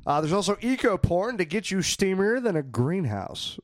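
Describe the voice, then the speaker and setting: A man hosts a comedy show in a lively, bouncy voice a bit higher than most men's. He teases his co-hosts and plays up the jokes, and the sound is close and dry. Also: normal speed, no room sound. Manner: playful, teasing, lively delivery. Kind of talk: comedic banter.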